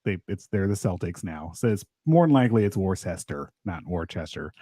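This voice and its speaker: A man's voice: on the low side, very animated, a little fast, dark tone, no room sound, clean studio sound. A man co-hosting a casual true-crime chat podcast, joking and rambling. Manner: joking, rambling, laughs often. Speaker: podcast co-host.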